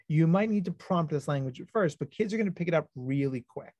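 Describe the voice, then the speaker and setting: A man presenting an educational webinar as a clinical psychologist, talking with high energy. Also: lively intonation, brisk, darkish tone, dry recording, highs cut off.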